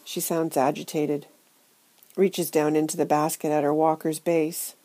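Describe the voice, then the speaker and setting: A woman narrating a novel in the first person, her voice low and mellow. She reads in a hushed, intimate, measured way. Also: flat delivery, low-quality recording. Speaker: audiobook narrator.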